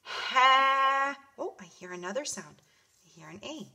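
A woman kindergarten teacher giving a home lesson to young children, sounding out words slowly. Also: lowish voice, big pitch swings, vocal fry, husky, lo-fi sound. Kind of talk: home learning video lesson.

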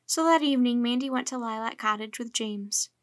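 A woman reading a children's book aloud in a steady, clear storytelling manner. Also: fairly high pitch, brisk.

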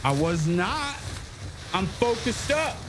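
A man's voice: high voice, sing-song, slow pace, noisy background. A man live-streaming a shooter game, joking and swearing with his co-player and chat. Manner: joking, swearing, breaks into singing. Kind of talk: casual live-stream banter. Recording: game music behind voice.

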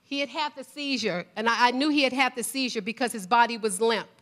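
A woman giving an emotional church testimony, fervent and rising to loud praise. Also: a little high, fairly quick.

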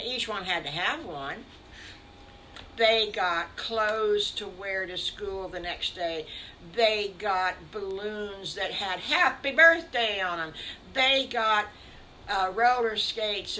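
An older woman telling a made-up story to children, animated and talking straight to the boys and girls. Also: medium pitch, slow, slight background noise, poor audio. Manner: warm, animated, addresses children.

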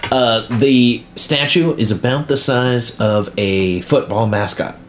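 A man narrating as game master of a tabletop game, relaxed and dotted with "uh" pauses. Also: mid-range voice, a little hiss or hum.

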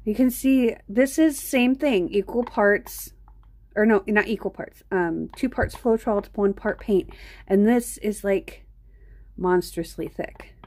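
A woman's voice: medium pitch, unhurried, a little mellow. A middle-aged woman hosting an art live stream, rambling and chatting straight to her viewers. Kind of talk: casual live-stream chat.

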